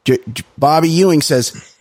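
A man's voice: on the high side, moderate pace, a little mellow, dry recording. A man co-hosting a podcast in casual chat, telling stories and ranting emphatically, with the odd swear word. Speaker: podcast co-host.

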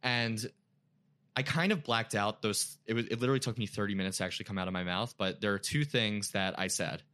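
A young man with a low but bright, forward voice shares a heartfelt personal story in casual talk. He leans on "like" constantly and sounds openly emotional. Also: a little fast. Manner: emotional, frequent "like" fillers. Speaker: guest.

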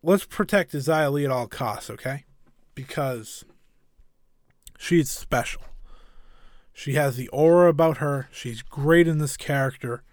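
A man's voice: a little high, a little slow, long pauses, no echo. A man giving a casual, enthusiastic and opinionated recap of a wrestling show, rambling a little with fillers.

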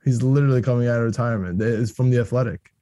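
A young man co-hosting a casual sports podcast, rambling and excitable and laughing often. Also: mid-range voice, rapid-fire, no room sound, studio quality. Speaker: podcast co-host.

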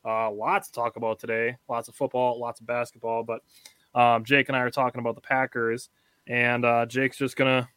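A man hosting a casual sports podcast, talking in halting, filler-heavy stretches as he argues his points at length. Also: medium pitch, little pitch movement, sharp tone, clear, resonant tone, dry recording. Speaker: podcast host.

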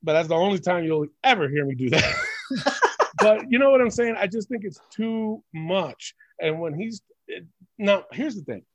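A man's voice: high-pitched, normal speed, dry recording. A man from Puerto Rico co-hosting a wrestling podcast, ranting bluntly and swearing freely in casual chat. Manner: blunt, profane, animated rants. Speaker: podcast co-host.

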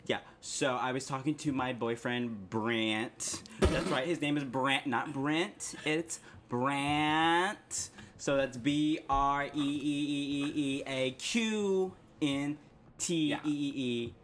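A man's voice: mid-range voice, takes it slowly, natural voice. A ditzy young valley girl woman, put on by a man, chatters with a bubbly, airheaded lilt. She takes her time over every word and spells names out letter by letter. It is an improvised comedy bit.

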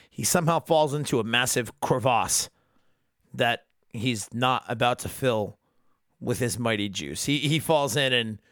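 A young man hosts a casual solo recap podcast, riffing sarcastically and swearing freely. His voice sits at an ordinary middle pitch. It is recorded close, with a dry sound. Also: a bit bright, no echo. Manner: profane, sarcastic, jokey. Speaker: podcast host.

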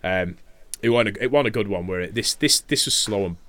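A man's voice: on the low side, fairly quick, fairly bright tone, no echo. A young man, recapping wrestling matches in casual podcast chat, swearing freely, laughing often and trailing off with filler words. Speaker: podcast co-host reviewing wrestling.

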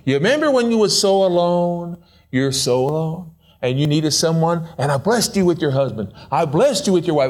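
A male pastor preaching a casual, playful sermon, swinging between excited high asides and low quiet remarks. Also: normal speed.

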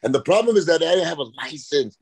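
A man's voice: a little high, quick pace, gravelly, breathy edge. A man, a rapper and podcast guest, telling rambling, profane stories in a casual chat. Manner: rambling, profane, animated anecdotes.

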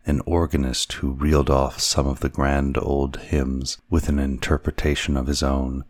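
A man narrating a classic story in a measured, even reading. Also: extremely low pitch, no room sound, clean studio sound. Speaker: audiobook narrator.

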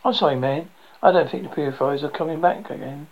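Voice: medium pitch, fast talker, muffled recording, close to an everyday voice. A storyteller voicing a blunt, pessimistic man who barks grim warnings. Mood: bitter. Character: bitter, pessimistic man, quick to snap.

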